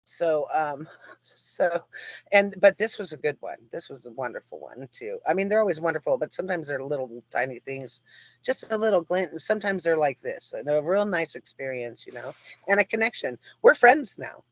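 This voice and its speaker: A talkative woman guest telling a story in an animated way and laughing often. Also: sits low, moderate pace, no echo. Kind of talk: storytelling chat.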